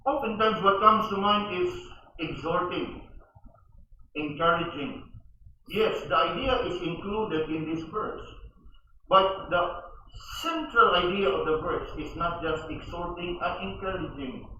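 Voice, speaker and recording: A high, bright-voiced man preaching with emphatic repetition. He is heard from a distance in a very echoey church hall. The sound is dull, with faint room noise behind him. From Philippines. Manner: emphatic, repeating key words, switching into Cebuano. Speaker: pastor. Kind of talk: sermon.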